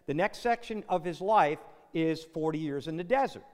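A man's voice: fairly high pitch, expressive, normal speed. A man preaching a sermon in a chatty, storytelling way, acting out quotes and tossing in asides. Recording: long hall reverb.

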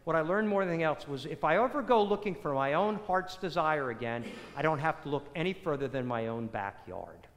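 An earnest young girl, as a preacher puts her on, speaking reflectively. The voice is fairly high and rises and falls freely. It rings in a big hall with a long tail of reverb. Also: expressive, a little fast, hardly any pauses. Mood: wistful.

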